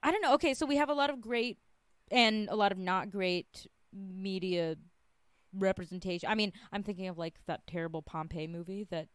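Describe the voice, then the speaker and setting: A woman's voice: mid-range voice, fairly quick, smooth, no room sound, clean studio sound. An American woman hosting a podcast, chatting casually and animatedly with jokey asides. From United States. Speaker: podcast host. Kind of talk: casual chat.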